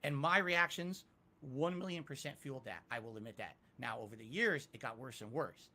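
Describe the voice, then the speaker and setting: A man answering interview questions candidly, self-critical and emphatic, rising to loud peaks. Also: mid-range voice, fairly quick. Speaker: interviewee, YouTuber.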